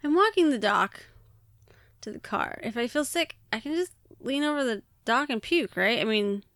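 A woman co-hosts a podcast in a casual, chatty conversation, talking freely, laughing often and saying "like" a lot. Her voice is on the high side and fairly bright, with lively intonation and a moderate pace. The recording is dry with clean studio sound.

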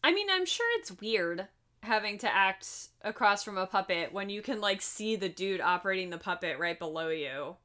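A woman's voice: medium pitch, lively intonation, moderate pace, bright, forceful tone. Breezy woman recapping a movie. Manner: breezy, profane, laughs often. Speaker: podcast co-host. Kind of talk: casual movie recap chat.

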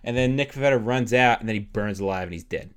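A man's voice: medium pitch, fast talker, heavy background noise. A young man co-hosting a podcast, spinning rambling improvised stories with many fillers and casual swearing. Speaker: podcast co-host. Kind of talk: casual comedic chat.

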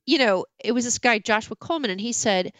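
A middle-aged woman, an author guest in a casual interview, telling candid stories about her marriage with lively, self-mocking asides. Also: on the high side, quick pace, dry recording.

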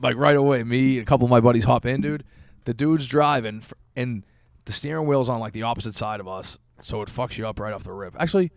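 Fast-talking young man, swearing casually. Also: mid-range voice, no room sound, studio quality. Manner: rambling, profane, lots of fillers. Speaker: storyteller. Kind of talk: casual chat.

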